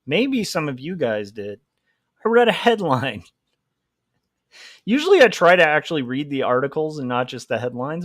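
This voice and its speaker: Guy drawing comics on stream, jokey rambly chat, slightly high voice, dry close sound. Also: expressive, normal speed, no echo. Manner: joking, rambling, self-mocking. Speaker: livestream host, comic artist. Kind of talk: casual livestream chat while drawing.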